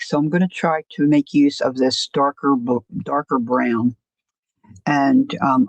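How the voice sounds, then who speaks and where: A woman's voice: low voice, a little mellow, no room sound, rough recording. A woman hosting a casual crafting livestream, rambling and self-deprecating, often stopping to restart her sentences. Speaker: crafting channel host.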